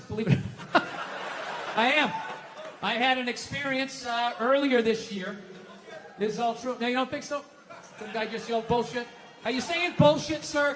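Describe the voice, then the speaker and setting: A middle-aged man doing a stand-up routine, with loud, profane ranting and sudden shouts. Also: extremely high pitch, slight background noise. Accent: Boston. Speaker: stand-up comedian. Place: live comedy venue with audience laughter.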